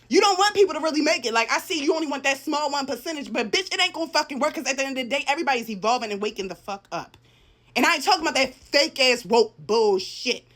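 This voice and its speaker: Woman, high-pitched, profane heated rant to camera. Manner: profane, heated, swings from shouting to low muttering. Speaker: social media commentator. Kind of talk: angry ranting monologue.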